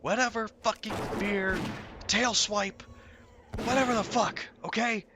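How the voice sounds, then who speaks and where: A man imitating an angry male raid leader who shouts profane orders at his team. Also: high voice, moderate pace, noisy background, voice pushed up, close to an everyday voice. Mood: ranting.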